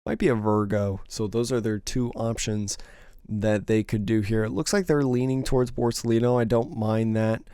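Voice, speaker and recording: A man's voice: lowish voice, steady tone, normal speed, mellow, clean tone, no echo, studio quality. A young man giving casual solo commentary on a card game match, thinking aloud through each player's options, his voice a little worn. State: slightly losing his voice. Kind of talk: solo play-by-play commentary over a stream.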